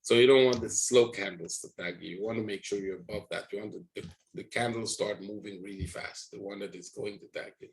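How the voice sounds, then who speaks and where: A man's voice: lowish voice, fairly even intonation, a little fast, rough recording. A man teaching trading live, walking viewers through price charts in a rambling way and checking in with them often. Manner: rambling, talks to viewers with frequent "right?". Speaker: trading educator.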